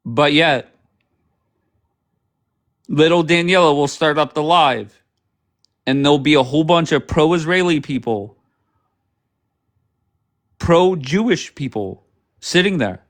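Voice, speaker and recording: A man's voice: fairly high pitch, takes it slowly, pauses often. A man hosting a livestream, ranting sarcastically over clips with plenty of swearing. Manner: sarcastic, profane, heated. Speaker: livestream host.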